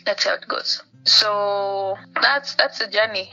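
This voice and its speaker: A Kenyan woman tells a story on a phone call and acts out everyone she quotes, with Swahili words slipping in. Her voice is very bright and sharp, and it sounds a little muffled through the line. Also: mid-range voice, measured pace, creaky, soft background music. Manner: animated storytelling, acting out the people she quotes. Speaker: podcast guest. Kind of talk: casual chat over a phone call.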